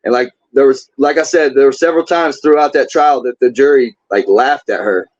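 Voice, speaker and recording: A man's voice: mid-range voice, fairly quick, dry recording. Candid rambling man, muffled sound. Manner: candid, rambling, repeats words. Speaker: interview guest. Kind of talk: casual storytelling. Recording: dull lo-fi sound.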